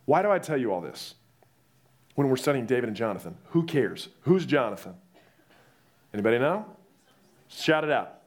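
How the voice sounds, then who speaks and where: Lively young man preaching. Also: medium pitch, moderate pace, pauses often. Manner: lively storytelling, acting out voices. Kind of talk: sermon.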